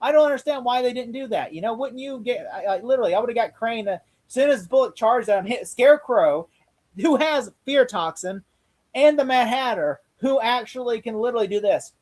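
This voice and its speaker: A man co-hosting a casual chat about a TV episode, rambling and excitable with many restarts. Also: very high-pitched, fairly quick, poor audio. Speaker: podcast co-host. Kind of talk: casual show review chat.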